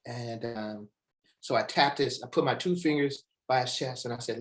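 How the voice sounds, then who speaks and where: A man giving a motivational webinar talk, animated and direct with the audience, slowing to stress single words with dramatic pauses. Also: medium pitch. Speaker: motivational speaker.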